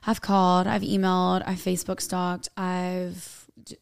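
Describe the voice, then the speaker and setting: A woman's voice: on the low side, completely flat delivery, unhurried, gravelly, smooth, no echo, studio quality. A young woman, co-hosting a podcast and rambling through a personal story in casual chat. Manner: chatty, rambling storytelling with many "like"s. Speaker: podcast co-host.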